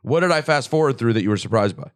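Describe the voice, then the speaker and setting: A man hosting a podcast in casual chat, joking and excitably teasing his co-hosts. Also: medium pitch, no echo, studio quality. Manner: joking, excitable, quick to tease. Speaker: podcast host. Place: podcast studio.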